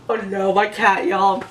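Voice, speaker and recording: A young woman reviewing books in a casual, animated rant, talking straight to her viewers. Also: mid-range voice, recorded from a distance. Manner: animated, exasperated, talks to viewers directly. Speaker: book vlogger. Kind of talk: casual ranting book review.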